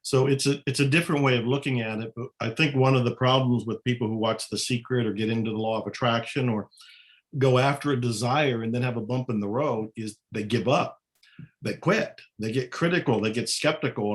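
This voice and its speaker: A man talking as a guest on a podcast, calm and earnest, encouraging listeners. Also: mid-range voice, fairly quick. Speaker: podcast guest, spiritual author. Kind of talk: casual conversation.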